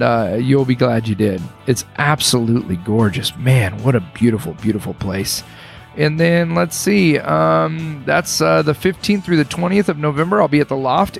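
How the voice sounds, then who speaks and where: A man in his thirties hosting his own podcast, speaking earnestly and encouragingly with frequent restarts. His voice is deeply gravelly with heavy fry, and he sounds a little choked up. Soft guitar music sits faintly beneath him. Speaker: podcast host. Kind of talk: casual podcast monologue. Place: hotel room.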